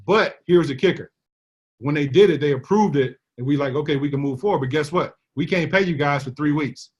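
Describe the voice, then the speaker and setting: A man telling a team a lively business story, acting out the voices of the people he quotes. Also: fairly high pitch. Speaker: network marketing leader.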